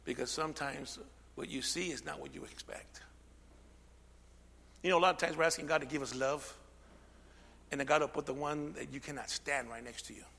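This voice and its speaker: A man preaching a sermon as pastor, calling out amen and drawing the congregation in, swinging from shouting to a near whisper. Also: a little high, fairly even intonation, fairly quick, creaky, pauses often, long reverb tail. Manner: peppers speech with amen and call-and-response. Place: church sanctuary.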